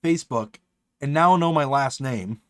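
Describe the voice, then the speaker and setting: A man's voice: mid-range voice, normal speed, clear, resonant tone, no echo, clean studio sound, natural voice. A man reading out an annoyed stranger's message in a put-on voice, scolding the sender for finding them online.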